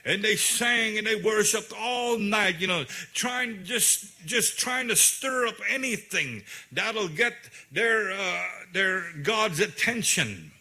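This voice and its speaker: A male preacher with a high, bright voice. He retells a scripture story in loose, conversational words, full of fillers and restarts. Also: expressive, slow pace, few pauses. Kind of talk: sermon.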